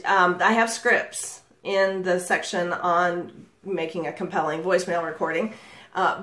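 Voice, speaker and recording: A middle-aged woman leads a live coaching session with plenty of vocal inflection and bright energy, breaking into easy laughter. Her voice sits at an ordinary pitch for a woman. The sound carries a roomy echo, as if picked up over a video call. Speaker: real estate marketing coach.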